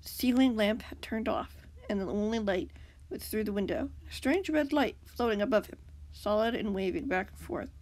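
A woman reading her own fan fiction aloud in a casual way, with slips and quick self-corrections. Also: mid-range voice, expressive, a little mellow.

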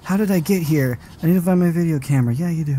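Talking fast in a mellow, slightly high voice, this streamer commentates a horror game live. Each scare sets him off swearing, jumping and answering the game back, over a little background noise.

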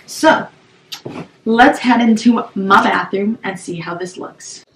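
In a casual, upbeat vlog, a young woman reviews a shower curtain from a small home bathroom, chatting away with lots of "um" and "like." Her voice is medium-pitched and slow-paced, and the recording is echoey with a distant mic and background noise.

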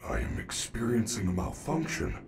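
A man's voice: mid-range voice, expressive, normal speed, darkish tone, slight background noise, natural voice. A man voicing a friendly, polite male robot bear entertainer in a video game, speaking in formal, mechanical phrasing. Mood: polite, puzzled.

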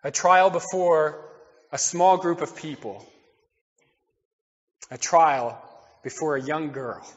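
High-voiced preacher in an echoey church. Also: male voice, slow, muffled recording. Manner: earnest preaching, swings between loud declarations and quiet asides. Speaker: pastor. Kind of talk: sermon.

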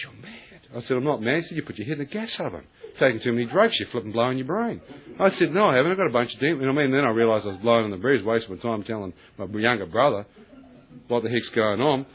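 Male preacher, husky voice on a tinny recording, tells his story with lively acted-out dialogue. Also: mid-range voice. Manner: animated storyteller, acts out voices, laughs often, colloquial. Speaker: preacher giving testimony. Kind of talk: testimony sermon.

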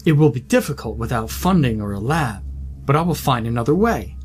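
A man's voice: medium pitch, lively intonation, a little fast, slightly rough, faint music behind. A man voicing a passionate, idealistic male scientist in an audiobook horror story, speaking earnestly. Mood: defiant. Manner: earnest and pleading.

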